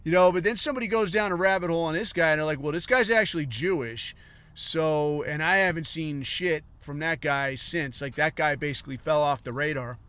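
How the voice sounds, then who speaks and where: A man's voice: a little high, fairly quick, sharp tone, clear, resonant tone. A man ranting on a podcast, rambling and profane, sometimes mocking other people in put-on voices. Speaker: podcast host.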